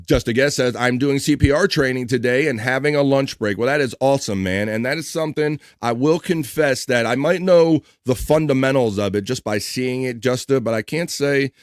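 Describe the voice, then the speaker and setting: A man's voice: medium pitch, moderate pace, few pauses, no echo, studio quality. A man hosting a live stream, chatting casually and reading viewer messages aloud in an upbeat way. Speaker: livestream host.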